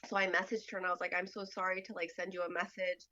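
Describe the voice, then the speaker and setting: A woman guest on a podcast, telling a personal story in a halting way, full of "like" and "you know". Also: fairly low pitch, flat delivery, bright, forceful tone, dull audio.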